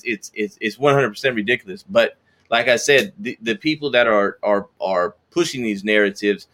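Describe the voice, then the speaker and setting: A man's voice: mid-range voice, sharp tone. Man guest, repeats himself mid-thought. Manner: stammering repetitions, conversational storytelling. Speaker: podcast guest. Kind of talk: casual podcast chat.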